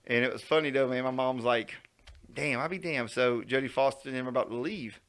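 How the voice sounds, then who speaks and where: A man's voice: mid-range voice, steady tone, fast, a bit bright, smooth. A man telling a story on a casual podcast, acting out quotes and laughing often. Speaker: podcast co-host.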